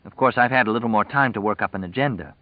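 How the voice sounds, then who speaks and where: A man voicing a sharp-tongued young pregnant woman, cool and sarcastic in her replies. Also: fairly low pitch, very fast, no echo, phone-quality sound, natural voice. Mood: cutting.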